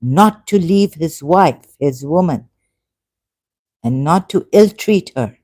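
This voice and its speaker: Slow, low-voiced woman debating. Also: lively intonation, darkish tone. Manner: argumentative, repeats words, then apologetic and halting. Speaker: channel host debating a caller. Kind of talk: heated religious debate.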